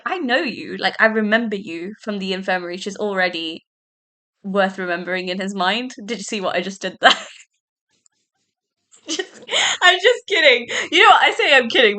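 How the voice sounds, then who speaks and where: A young woman talks through her podcast solo, bright and forceful in tone. She chats excitably, piling on fillers and wandering off on tangents. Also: mid-range voice. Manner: chatty and excitable, many "like"s and tangents. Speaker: podcast host. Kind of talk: casual solo podcast chat.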